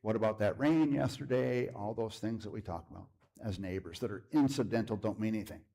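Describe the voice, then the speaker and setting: Husky-voiced man telling a story. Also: fairly low pitch, a little fast. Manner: storytelling with lively shifts, drops to a hush. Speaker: guest speaker. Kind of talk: sermon testimony. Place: church.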